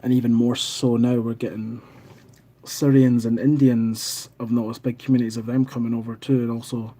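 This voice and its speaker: A man's voice: medium pitch, level tone, moderate pace, dark tone. A Scottish man in his thirties, hosting a casual live stream from home and chatting as he reads out viewer comments. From Scotland. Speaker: livestream host. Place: home in Canada.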